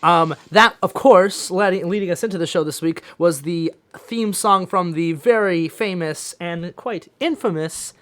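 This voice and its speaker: High-voiced man hosting a jokey podcast. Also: measured pace, hardly any pauses, a bit bright. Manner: jokey, loose, rambling delivery with fillers. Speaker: podcast host. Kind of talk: casual podcast banter.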